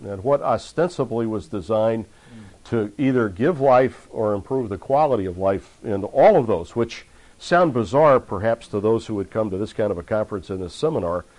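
A man preaching at a conference seminar, earnest and measured, with frequent fillers between phrases. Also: fairly low pitch, lively intonation, a little mellow. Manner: earnest, reads accounts aloud with rising intensity. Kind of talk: conference sermon lecture.

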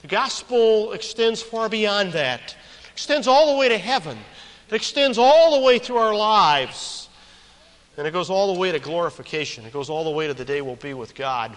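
A male preacher delivering a sermon, driving points home by repeating phrases and acting out little stories. His voice sits a bit high for a man. The sound rings with long reverb from a large hall. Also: lively intonation, normal speed, a bit bright. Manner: emphatic, repeats key phrases for effect; storytelling with quoted characters.

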